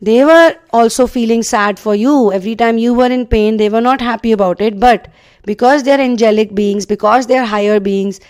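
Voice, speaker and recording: A woman, her voice fairly high and smooth, giving a channeled spiritual reading. She talks earnestly, circling back through short repeated phrases as she lays out what she senses. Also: normal speed, a little mellow. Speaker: tarot and energy reader.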